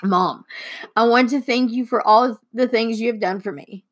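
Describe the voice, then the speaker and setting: A woman's voice: fairly high pitch, moderate pace. A young woman, a daughter co-hosting, reading heartfelt letters aloud and fighting back tears. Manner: tearful, emotional reading. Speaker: co-host and daughter.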